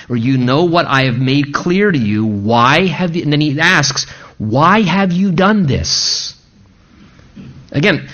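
A man's voice: a little high, fairly bright tone, dull audio. A man preaching a sermon in an earnest manner, asking rising, emphatic questions. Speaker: pastor.

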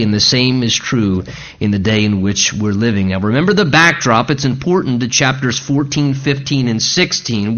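A male pastor preaching an expository sermon, slowing down deliberately when he reads scripture aloud. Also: medium pitch, fairly bright tone, muffled recording. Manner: slows to read scripture aloud.

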